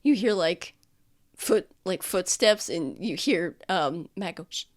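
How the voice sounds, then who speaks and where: A woman's voice: fairly low pitch, expressive, takes it slowly. A woman narrating as game master in a casual way, with lots of fillers.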